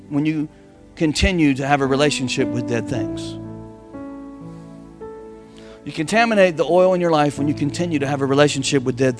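A man preaching a sermon, calling on the congregation to answer back. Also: fairly high pitch. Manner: preaching with call-and-response. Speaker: pastor.

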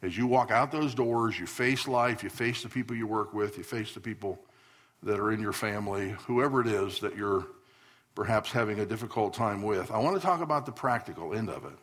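A male pastor preaching a sermon, swinging between loud emphatic declarations and soft asides. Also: fairly low pitch, a little fast. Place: church sanctuary.

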